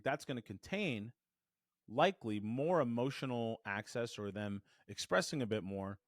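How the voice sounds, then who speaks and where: A man teaching a voice lesson to camera, animated and demonstrative, shifting his resonance to show the difference. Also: mid-range voice, no echo, clean studio sound. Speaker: voice coach. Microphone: studio microphone.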